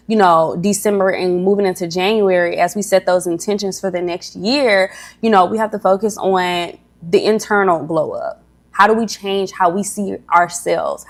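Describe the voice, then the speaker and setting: A young woman hosting a casual motivational livestream, chatty and a little nervous, often stumbling over her words as she rambles. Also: mid-range voice. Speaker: livestream host.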